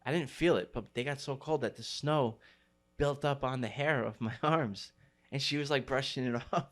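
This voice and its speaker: A man's voice: mid-range voice, fairly quick. A middle-aged man telling a story casually in loose street slang, full of "like" and "you know.". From New York City. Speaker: guest.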